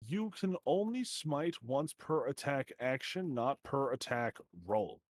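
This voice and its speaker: A man's voice: mid-range voice, very animated, takes it slowly, dry recording. A man with a Canadian accent, the game master, chatting animatedly and swearing freely during a stream break. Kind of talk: casual chat before a tabletop game stream.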